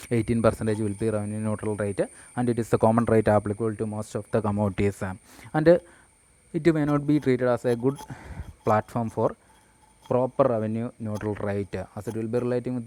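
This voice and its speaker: A man with a Kerala English accent giving an explanatory lecture. He talks haltingly, with frequent pauses and restarts. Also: fairly low pitch, dark tone.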